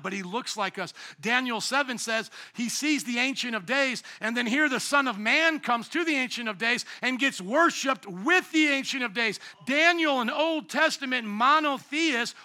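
A male pastor preaching a sermon in an animated way, acting out quoted lines with a raised voice. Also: high voice.

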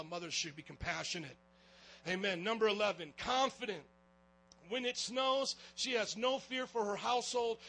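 A man delivers a spirited sermon from the pulpit and keeps calling the congregation for an amen. His voice sits high and sounds bright and forceful. He often swells into loud, emphatic preaching. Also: slight background noise, low-quality recording. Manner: lively preaching, calls for amens and gets loud. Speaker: pastor.

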